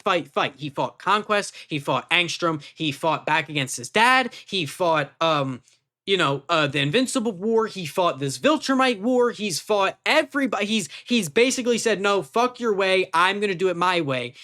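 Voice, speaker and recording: A show reviewer rambles through a casual review with a bright, ringing voice. They gush, swear freely and circle back to the same praise again and again. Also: medium pitch. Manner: animated and gushing, swears freely, repeats itself. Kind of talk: casual excited review talk.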